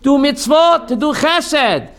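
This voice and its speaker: Against background noise, a man with a very high voice takes it slowly while teaching a class on Jewish theology. The rabbi quizzes his listeners call-and-response style and animatedly performs the voices he quotes.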